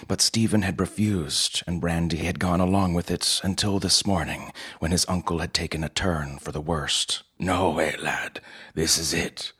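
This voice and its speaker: A male storyteller reading in a steady, measured way. His voice is very deep and noticeably husky. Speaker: narrator. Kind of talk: audiobook story narration.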